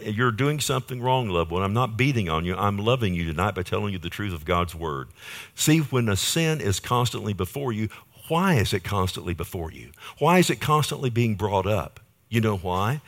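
A pastor preaching a sermon, building to emphatic bursts, reading scripture slowly and asking the congregation "Amen?". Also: male voice, fairly low pitch.

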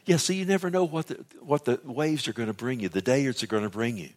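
A man preaching a sermon, reading scripture aloud and explaining it in a conversational way, moving between loud urgent pleading and low hushed passages. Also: a little fast. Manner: reads scripture aloud and then paraphrases it.

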